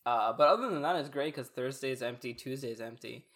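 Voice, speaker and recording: A man's voice: medium pitch, brisk. A young man and college student hosting a casual chat, asking easy questions and laying out his thoughts. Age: young adult. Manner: relaxed, prompting questions, lays out his thoughts.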